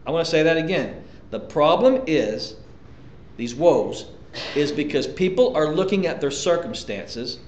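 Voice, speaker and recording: A man preaching a sermon as pastor, emphatic, repeating key lines and jumping up in pitch to drive points home. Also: lively intonation, a little slow, a little mellow. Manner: emphatic preaching, sudden pitch jumps and repetitions. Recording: echoey church room, dull lo-fi sound.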